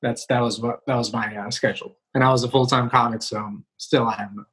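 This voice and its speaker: A male comedian talking casually in an interview over a video call, relaxed and rambling with many fillers and restarts. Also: mid-range voice, brisk, low-quality recording. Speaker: comedian guest. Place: home, remote video call.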